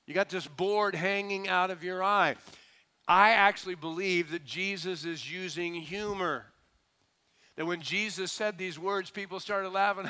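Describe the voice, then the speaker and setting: A male pastor giving a sermon, his voice bright, forceful and smooth, a little higher than most men's. He jokes and laughs as he preaches, drops into slang, then slows right down to lean on every word of scripture. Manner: casual and humorous, laughing often, mixing scripture with slang; slows and stresses key words when reading scripture.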